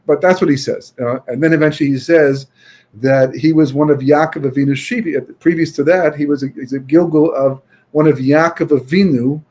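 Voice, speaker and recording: Husky, higher-voiced man telling a story. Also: steady tone, fairly quick. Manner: chatty, frequent "you know" and restarts, peppered with Yiddish and Hebrew terms; grows loud and emphatic when arguing a point. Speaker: Torah speaker. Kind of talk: storytelling talk.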